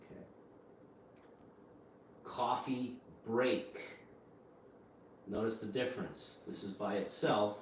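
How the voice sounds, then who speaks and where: A man teaching English pronunciation in a home kitchen, slowly repeating each word in a drill. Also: on the low side. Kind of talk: slow vocabulary drill lesson. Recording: echoey room, voice from a distance, faint hiss.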